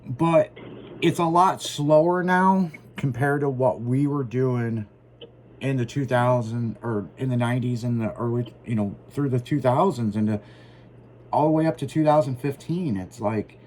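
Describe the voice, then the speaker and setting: A man's voice: mid-range voice, measured pace, a little mellow. A man co-hosting a casual podcast, telling profane road stories and acting out both sides of old conversations. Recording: faint background noise.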